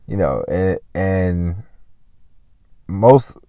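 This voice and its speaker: A man's voice: low voice, lively intonation, drawn-out words, mellow, dry recording. A man hosting a podcast, rambling in a casual motivational monologue and saying "you know" again and again. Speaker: podcast host.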